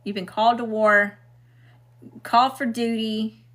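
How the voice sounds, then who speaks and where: A woman's voice: fairly high pitch, fairly even intonation, a little slow, a bit bright. A middle-aged woman doing a casual spiritual tarot reading, emphatic and blunt, checking in with "okay?" and swearing freely. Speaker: tarot reader.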